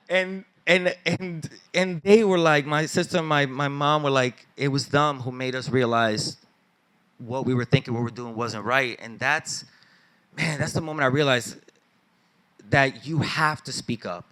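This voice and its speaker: A man's voice: medium pitch, a little slow, smooth. A man telling a personal story live on stage at a story slam, casual and slangy, acting out family members' lines. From Dominican family background. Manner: animated, acts out family members' lines in raised voices; casual street slang and swearing.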